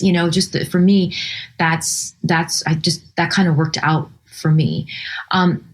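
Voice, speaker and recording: A woman composer being interviewed, talking in a chatty, animated way with frequent restarts and laughs. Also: fairly low pitch. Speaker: guest composer. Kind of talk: casual interview chat.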